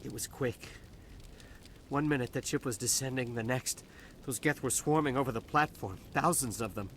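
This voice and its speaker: A man's voice: mid-range voice, moderate pace, a bit bright, a little hiss or hum, lightly acted. An actor playing a nervous male dock worker and smuggler in a video game, stammering and defensive. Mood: haunted. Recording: game audio with music behind.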